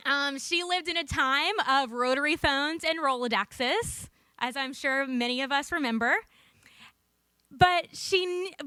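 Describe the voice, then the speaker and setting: A woman's voice: sits high, bright, forceful tone, dry recording. A young woman giving a prepared conference talk into a podium microphone, earnest and lightly humorous as she tells a personal story. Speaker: conference speaker. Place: conference room.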